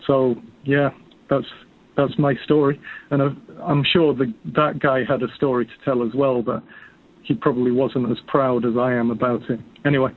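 A man's voice: mid-range voice, flat delivery, moderate pace. An English man calling in to a podcast to tell a funny story in a chatty, amused way, heard over a phone line. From United Kingdom. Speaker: caller.

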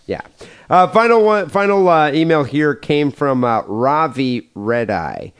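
A man's voice: fairly high pitch, measured pace, clear, resonant tone. A man co-hosting a podcast, reading listener emails aloud in a loose, joking way after a few beers. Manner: animated, laughing, drinking beer.

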